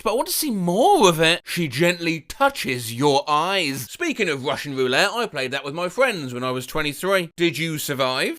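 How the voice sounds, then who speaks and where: Animated high-voiced man reacting. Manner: incredulous, swears in disbelief; animated, exaggerated reading of bot text. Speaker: comedy video creator. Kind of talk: reading chatbot replies aloud with reactions.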